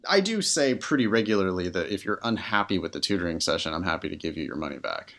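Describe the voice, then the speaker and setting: A man's voice: low-pitched, lively intonation, fast, creaky, a bit bright. A man co-hosting a podcast as a test-prep tutor, talking candidly and animatedly with plenty of filler words. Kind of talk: casual podcast conversation.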